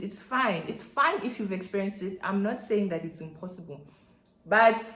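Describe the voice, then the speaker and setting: Excitable Nigerian woman in an echoey room. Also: mid-range voice. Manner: excitable, chatty, addresses listeners as guys. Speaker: Christian podcast host. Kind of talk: casual faith talk.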